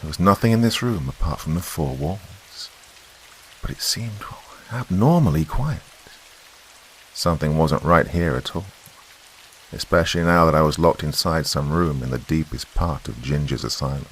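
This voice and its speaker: A man narrating a first-person horror story in a slow, hushed storytelling manner. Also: extremely low pitch. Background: faint rain and hiss.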